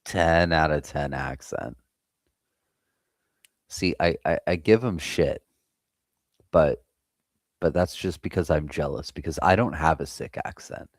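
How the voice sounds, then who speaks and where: A man's voice: extremely low pitch, a little slow, pauses often, dry recording, clean studio sound. An American man hosting a live trading stream, chatting casually and swearing freely while reading the chat. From United States. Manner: loose, profane, chatting with viewers.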